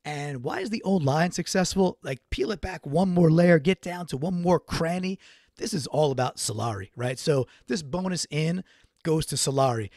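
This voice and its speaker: A man's voice: on the high side, a little mellow, dry recording, clean studio sound. A man hosting a solo sports recap podcast, talking in a casual, rambling way with restarts. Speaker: podcast host.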